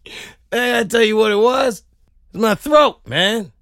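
A man hosting a podcast, telling funny stories in an animated, laughing, profane comic monologue, close on a studio mic. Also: sits high, a little slow, no echo. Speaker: podcast host. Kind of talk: comedic solo monologue.

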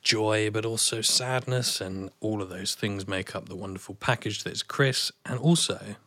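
A man's voice: fairly low pitch, moderate pace, pushed and bright. A man hosting a podcast, joking playfully through casual chat. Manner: jokey, playful banter. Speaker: podcast host.

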